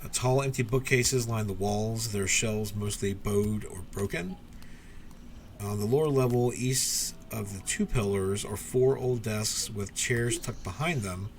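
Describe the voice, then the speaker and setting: A man's voice: on the low side, measured pace, slight background noise. A man narrating as dungeon master, reading room descriptions with frequent uhs and ums. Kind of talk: narrating a tabletop game.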